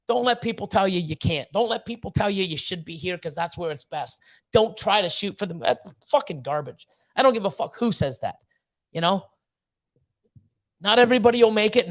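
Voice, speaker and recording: A man hosting a livestream, ranting bluntly with heavy swearing and fired-up motivational talk. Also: high voice. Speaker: snake breeder hosting a livestream. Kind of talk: livestream rant.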